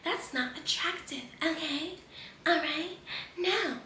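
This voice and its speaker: A woman mimicking a prim, overly soft-spoken woman who talks in exaggerated sugary baby talk. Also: very high-pitched, slow pace, reverberant, a little hiss or hum, voice pushed up, full character voice. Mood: mocking, sugary.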